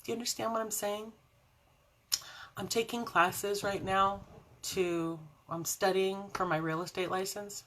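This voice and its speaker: A woman talks to camera at home in a loose, rambling devotional chat, wandering into side stories and laughing often. Her voice sits at an ordinary middle pitch for a woman. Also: fairly even intonation, a little slow, a bit bright, slight background noise. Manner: chatty and rambling, with frequent laughs and tangents. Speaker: faith vlogger and show host.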